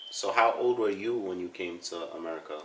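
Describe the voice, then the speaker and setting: A man's voice: low voice, fairly quick, slight background noise. A man hosting a casual interview, asking laid-back questions of an elder. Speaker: host, interviewer. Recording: echoey room, far from mic.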